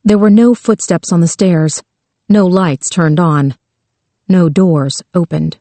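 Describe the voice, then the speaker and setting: A woman narrating a thriller audiobook with a slow, tense delivery. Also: fairly low pitch, warm tone, no echo.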